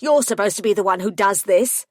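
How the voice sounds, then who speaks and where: A woman's voice: mid-range voice, animated, a little slow, no echo, studio quality, pitched above the performer's own voice, close to an everyday voice. A woman doing a scornful gremlin solicitor. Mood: angry. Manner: sharp, scornful, clipped. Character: prickly male gremlin solicitor, disdainful and grieving.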